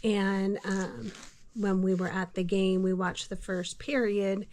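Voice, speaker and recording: A middle-aged woman vlogger telling a personal story in a casual, hesitant way, with many pauses and fillers. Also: medium pitch, level tone, darkish tone. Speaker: homestead vlogger.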